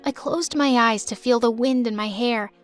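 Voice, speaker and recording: A young woman with a high, bright-pitched voice narrates a dramatic animated story in the first person. Her delivery is emotive and lively, with faint music playing behind her. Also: normal speed.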